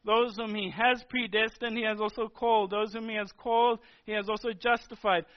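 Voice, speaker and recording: High-voiced man preaching emphatically. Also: fairly even intonation, a little fast. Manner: emphatic, repetitive preaching cadence. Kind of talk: sermon. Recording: dull lo-fi sermon recording.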